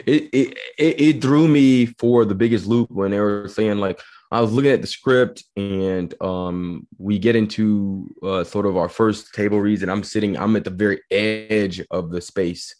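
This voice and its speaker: Southern guy from georgia, kinda low voice, laid back, laughs a lot. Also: steady tone, normal speed, a little mellow. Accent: American Southern, Georgia. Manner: laid-back, laughs often, restarts sentences. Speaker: guest, actor. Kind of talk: casual interview chat.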